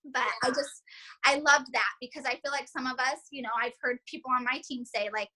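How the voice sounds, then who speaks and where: A woman's voice: high voice, steady tone, brisk, sharp tone, low-quality recording. A woman in her thirties and mother of four, talking casually and upbeat to her team on a group call, with many fillers. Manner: chatty, upbeat, filler-heavy. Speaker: team leader.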